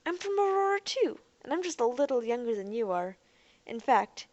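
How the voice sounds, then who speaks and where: A woman voicing a young woman who talks calmly and coaxingly to keep someone talking. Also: a little high, moderate pace, muffled recording. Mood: sympathetic. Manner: soothing, coaxing. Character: young woman, calm and persuasive.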